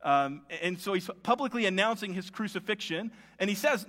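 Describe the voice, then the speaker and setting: A man preaching as pastor, animated and acting out quoted lines in shifting voices. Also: high-pitched, fairly quick, hardly any pauses, long reverb tail. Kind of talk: sermon.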